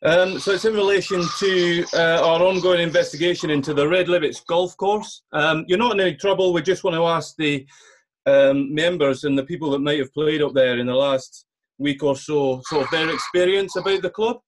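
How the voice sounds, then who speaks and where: A man's voice: on the high side, steady tone, normal speed. A man co-hosting a podcast, talking hesitantly with many fillers during a prank call. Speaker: podcast co-host. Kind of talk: prank phone call and banter.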